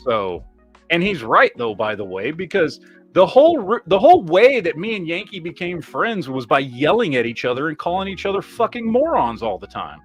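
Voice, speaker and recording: A man's voice: fairly high pitch, normal speed, breathy edge, faint music behind. A man hosting a podcast, rambling in casual chat, swearing heavily and reacting to viewer comments. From Michigan, USA. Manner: heavy swearing, rambling, animated. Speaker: podcast host.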